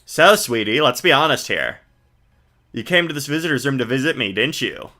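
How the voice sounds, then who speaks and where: A man's voice: medium pitch, lively intonation, moderate pace, pushed and bright. A man voicing a vain, flamboyant male stage magician in a video game, theatrical and smarmy. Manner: theatrical, drawls "sweetie", showy.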